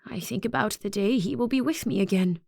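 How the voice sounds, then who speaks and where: A woman narrator voicing an elderly female school principal, speaking softly and with measured sorrow. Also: mid-range voice, gravelly, no echo, clean studio sound. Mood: calm, guarded. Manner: soft, measured, quietly sorrowful.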